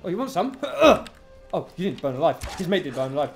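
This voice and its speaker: A streamer giving excitable let's-play commentary, taunting enemies in the game. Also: mid-range voice, a little fast, faint music behind. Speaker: gaming streamer.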